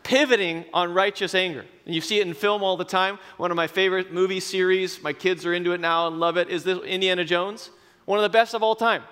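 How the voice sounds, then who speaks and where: A male pastor preaching a sermon in a conversational, self-deprecating way, slowing down for emphatic phrases. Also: high-pitched, steady tone, fairly bright tone, clear, resonant tone. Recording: long reverb in a large hall.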